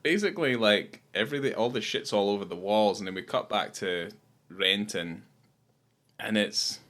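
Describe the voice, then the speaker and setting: A man's voice: lowish voice, moderate pace, a bit bright. A man with a Scottish accent, co-hosting a casual film podcast, loose and sweary, acting out lines from scenes. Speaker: podcast co-host.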